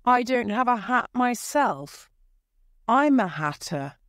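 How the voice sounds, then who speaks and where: Woman doing a jittery poor hatter, pleading, lifted a little higher, dry recording. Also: very animated, slow, fairly bright tone, dry recording, heavily acted. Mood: nervous. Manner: timid, pleading. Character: nervous poor male hatter on trial.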